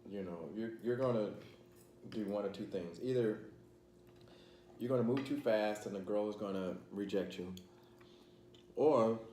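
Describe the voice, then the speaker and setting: Eating his meal on camera, a male channel host chats in a casual, rambling way packed with fillers. His voice sits on the low side with a darkish tone, and the echoey room carries faint background noise.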